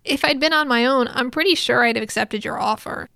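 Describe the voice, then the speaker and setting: A woman's voice: on the high side, a little fast, vocal fry, pushed and bright, dry recording, clean studio sound. A woman voicing an earnest, slightly flustered young man hero, read in a recap.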